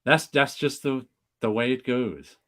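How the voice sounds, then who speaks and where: A man's voice: mid-range voice, unhurried, a bit bright. A man hosting a casual podcast chat, joking and slipping into mock voices. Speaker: podcast host.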